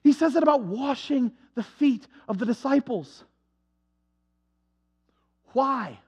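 A man preaching a sermon, swinging from hushed, soft passages to impassioned, raised delivery. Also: extremely high pitch, lively intonation, takes it slowly, husky, muffled recording.

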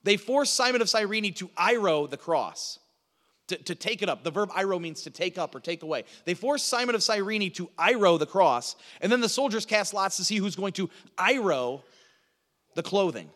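A man preaching a sermon, teaching through a Bible passage with emphatic delivery that swings from loud to hushed. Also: sits high, expressive, normal speed, long reverb tail.

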